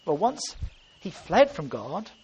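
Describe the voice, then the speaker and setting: A man's voice: a little high, huge pitch swings, slow pace, darkish tone, breathy edge. A man preaching a sermon, earnest and emphatic, often restarting his phrases.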